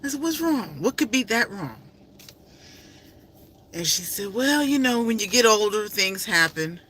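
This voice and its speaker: A woman's voice: mid-range voice, big pitch swings, unhurried, a bit bright, slight background noise. A middle-aged woman vlogger in an emotional, faith-filled personal storytelling style, repeating herself often.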